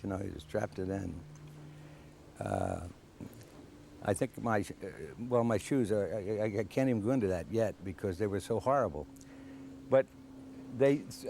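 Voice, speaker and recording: An older man, an actor, telling a rambling, halting, self-mocking anecdote. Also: fairly low pitch, dark tone, a little hiss or hum. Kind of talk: casual storytelling.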